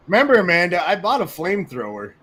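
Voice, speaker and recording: A man co-hosting a joking live stream, giggling often and drawling his jokes. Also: sits high. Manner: giggly, slow drawl, bursts of laughter. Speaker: co-host. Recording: loud background noise.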